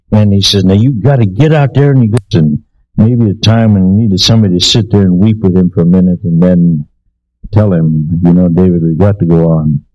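A man's voice: fairly low pitch, mellow, no room sound, dull audio. A man preaching a sermon in a folksy storytelling way, with many fillers, acting out the people in his stories.

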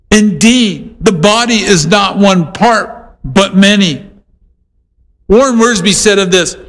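A man preaching a sermon, animated and conversational, with playful voiced asides. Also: high voice, long reverb tail. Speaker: pastor.

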